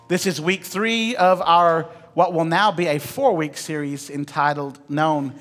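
A man's voice: fairly high pitch, measured pace, hardly any pauses, fairly bright tone, faint music behind. A man preaching a sermon, telling stories with humorous asides to the congregation. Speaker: pastor. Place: church sanctuary. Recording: long reverb of a church hall.

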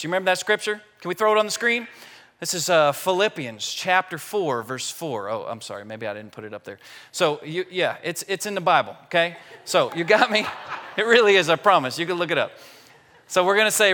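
A man preaching a sermon in a large church, lively and joking with the congregation. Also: high-pitched, a little fast. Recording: church hall reverb.

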